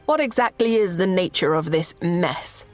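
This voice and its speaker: A woman's voice: fairly low pitch, animated, normal speed, faint music behind, lightly acted. A woman voicing an imperious, irritable queen. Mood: demanding. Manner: imperious, curt. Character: haughty, irritable middle-aged queen.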